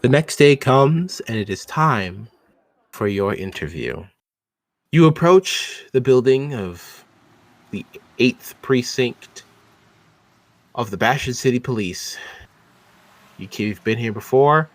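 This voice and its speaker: Lively-voiced male game master. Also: mid-range voice, takes it slowly, pauses often. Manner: relaxed, descriptive, some fillers. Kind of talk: narrating a tabletop game.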